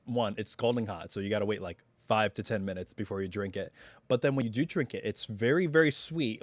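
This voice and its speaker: Rambling, slightly hoarse man streaming live. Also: mid-range voice, dry recording. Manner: chatty and rambling, full of asides. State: hoarse, recovering voice. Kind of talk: casual live stream chat. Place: at home.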